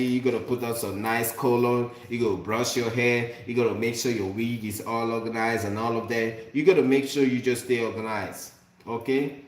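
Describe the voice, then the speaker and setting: A man's voice: mid-range voice, a little hiss or hum. Nigerian man, vlogger, preachy and repetitive, roomy echo. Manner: preachy, repeats phrases, slips into Nigerian Pidgin. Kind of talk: motivational cooking-chat monologue. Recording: echoey room with faint ambience.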